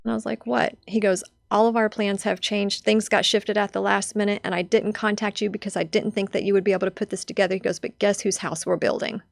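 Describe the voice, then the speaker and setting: A woman's voice: medium pitch, level tone, fast, creaky, few pauses, dry recording. A young adult woman telling a personal story as a podcast guest, heartfelt and chatty with lots of fillers.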